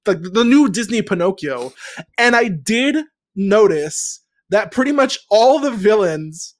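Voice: mid-range voice, big pitch swings, measured pace. A podcast host recapping a book in casual chat. The host rambles, swears freely, and acts out the characters' lines.

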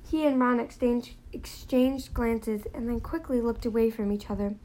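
A woman's voice: a little high, normal speed, warm tone, low-quality recording. A woman reading a novel aloud in a plain manner, now and then slipping and restarting a phrase. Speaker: reader.

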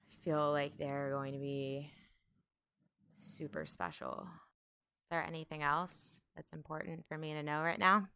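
Low, gravelly-voiced woman, soft and hesitant. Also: measured pace, pauses often. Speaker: podcast co-host. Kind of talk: casual chat.

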